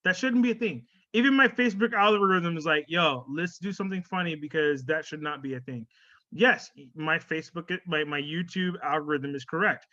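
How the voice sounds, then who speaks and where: A man's voice: on the high side, a little fast, pushed and bright, no echo. A man hosting a podcast in a rambling, profane solo rant full of fillers and restarts, on a dull lo-fi recording. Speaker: podcast host.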